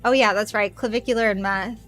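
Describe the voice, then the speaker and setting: Soft background music accompanies a woman's mid-range voice as she streams a game. She chats casually with her viewers, is easily excited and quick to curse, and squeals when greeting new arrivals.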